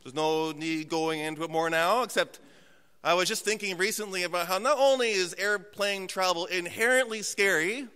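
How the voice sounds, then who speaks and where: A man with a high, bright and very clear voice preaches a sermon from a church pulpit. He tells self-mocking stories with humor, then slows to a hushed, deliberate weight on key words. A long hall reverb trails behind his voice. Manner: humorous, self-mocking storytelling that drops to slow, hushed emphasis. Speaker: pastor. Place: church sanctuary.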